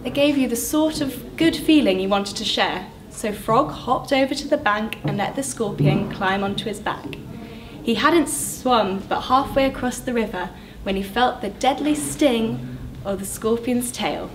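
A woman's voice: a little slow, distant mic, slight background noise. A woman on school staff reading a children's fable aloud, lifting her voice for the characters. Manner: voices characters with lively pitch jumps. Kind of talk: storybook read-aloud.

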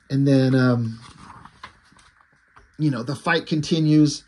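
Husky excited man recapping comics. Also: medium pitch, measured pace, long pauses. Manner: excited, loose and profane retelling. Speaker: comic book reviewer.

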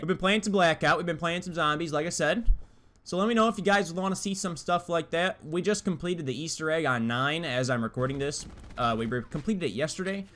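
A man's voice: a little high, fairly bright tone. A young man giving live gameplay commentary, trash-talking opponents in a hyped, slangy way. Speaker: gaming YouTuber.

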